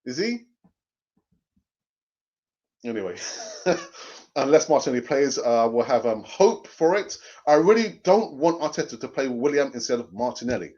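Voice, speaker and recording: A middle-aged man, hosting a fan live stream, animated and jokey, laughing often and repeating phrases. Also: mid-range voice, brisk, few pauses. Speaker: fan channel host reading live chat. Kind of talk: casual live-stream chat. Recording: dull lo-fi sound.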